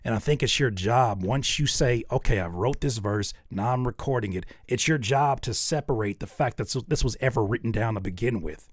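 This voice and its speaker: A man's voice: mid-range voice, a little fast, few pauses, no echo, studio quality. A man giving spoken feedback on songs as host, coaching analytically and thinking aloud as he searches for words. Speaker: music reviewer.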